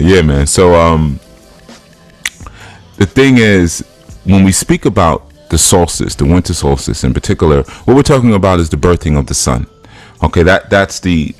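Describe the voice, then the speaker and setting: A man's voice: rumbling low, a little mellow. A man, a spiritual teacher, giving a loose, joking, conversational talk while going through slides.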